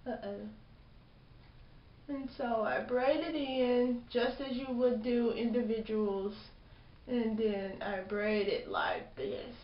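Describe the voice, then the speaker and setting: A woman's voice: fairly high pitch, slow pace. Chatty woman in a roomy, muffled recording. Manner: chatty storytelling, acts out quotes. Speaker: hair vlogger. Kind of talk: casual chat. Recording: roomy lo-fi home video.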